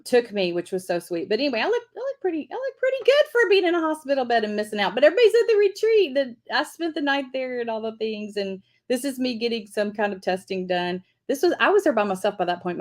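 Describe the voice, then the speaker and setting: A middle-aged woman hosting a devotional livestream, telling a story to her viewers in a chatty, rambling way with frequent laughs. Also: mid-range voice. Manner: chatty and rambling, many restarts and fillers; upbeat, laughs often. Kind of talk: casual storytelling chat to viewers.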